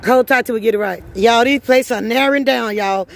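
A woman's voice: fairly high pitch, a little fast, gravelly. A woman with a Southern US accent hosting an outdoor holiday giveaway in the freezing cold, upbeat and preachy, laughing often. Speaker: host handing out holiday food. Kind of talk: casual charity vlog.

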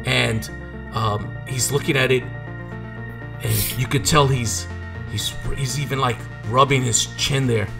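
A man runs a tabletop game in a mid-pitched, everyday voice. He rambles through his scene-setting with plenty of ums and uhs, faint music in the background. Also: steady tone, measured pace, creaky. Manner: loose, rambling, many fillers. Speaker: game master.

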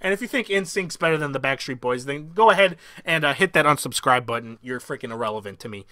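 A young man hosting a comedic ranking vlog, ranting with mock outrage and swinging from mumbled asides to loud excited bursts. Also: medium pitch, fast talker. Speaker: YouTuber.

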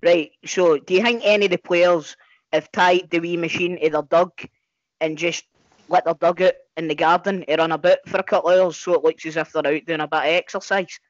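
A Glaswegian man co-hosting, asking cheeky questions and laughing often. His voice sits a little high, and it comes through dry and close but dull, like a lo-fi home call. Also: fairly even intonation, brisk, no echo. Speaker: podcast co-host. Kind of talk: casual podcast interview. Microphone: home call over video chat.

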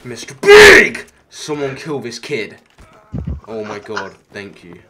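A man raging in gameplay voice chat, swearing in explosive yelling outbursts, talking over a headset. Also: fairly low pitch, animated, slow pace, heavy background noise. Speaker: gamer streaming team matches.

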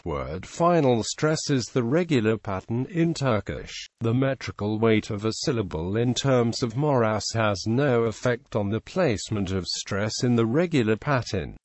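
A man's voice: medium pitch, darkish tone, no room sound. Man reading an encyclopedia article, dry sound. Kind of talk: scripted encyclopedia narration.

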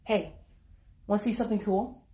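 A woman's voice: medium pitch, steady tone, normal speed, warm tone, lightly acted. A woman voicing a creepy teenage girl who casually enjoys killing small animals, in an echoey room. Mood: offhand. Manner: casual, offhand, unsettling.

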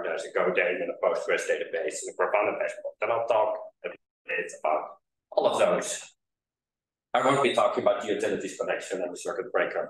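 Hoarse lower-voiced man presenting at a conference, casual, loose with fillers, echoey hall from far off. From Netherlands. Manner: casual, filler-heavy, self-deprecating. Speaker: conference speaker. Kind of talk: technical conference talk. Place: conference room.

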